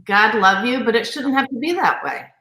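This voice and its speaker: A woman guest on a video stream, chatty and quick to laugh. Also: a little high, very animated, sharp tone, roomy sound, low-quality recording. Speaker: guest actor. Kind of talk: casual chat on a video stream.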